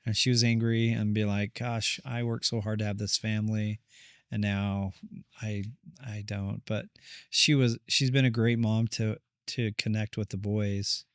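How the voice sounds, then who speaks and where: A man who works as a therapist, a guest on a podcast, telling a family story. His voice sits low, and he talks in an earnest, rambling way, acting out what people said. The recording is close and dry. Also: flat delivery, a little slow, clean tone, no room sound. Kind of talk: casual storytelling conversation.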